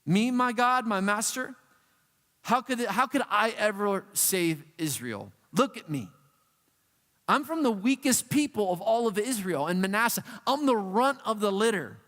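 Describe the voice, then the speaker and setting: A man voices Gideon, a timid young man full of excuses. He pleads in a high, whiny voice that echoes in a long hall reverb. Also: animated, unhurried, fairly bright tone. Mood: pleading.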